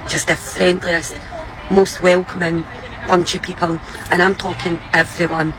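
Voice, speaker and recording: A woman's voice: lowish voice, little pitch movement, measured pace, rough recording. A woman with a Scottish accent delivering a heartfelt, grateful message. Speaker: visitor giving a message in a clip.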